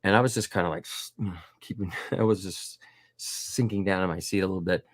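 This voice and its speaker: Low-voiced man telling animated anecdotes. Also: brisk, dry recording, studio quality. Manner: animated anecdotes with voiced quotes and frequent fillers. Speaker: guest author. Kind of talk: casual storytelling interview.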